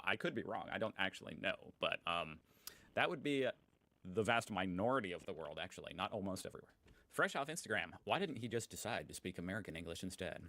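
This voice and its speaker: Low-voiced sarcastic young man. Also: fairly bright tone, rough recording. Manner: sarcastic, amused, chatty. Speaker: host. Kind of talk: reaction commentary reading posts aloud.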